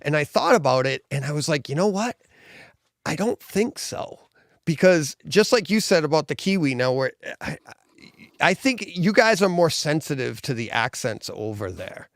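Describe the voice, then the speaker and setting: A man from the States hosts a relaxed live-stream chat, his voice gravelly at the edges. He rambles and restarts his thoughts freely. The sound is dry and close. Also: on the high side, moderate pace, no room sound. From United States. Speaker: podcast host.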